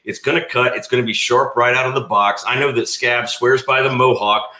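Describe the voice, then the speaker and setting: A man's voice: medium pitch, fairly even intonation, pushed and bright, echoey room. A man co-owning a knife company, chatting casually and joking on a livestream. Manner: chatty, joking, quick to laugh.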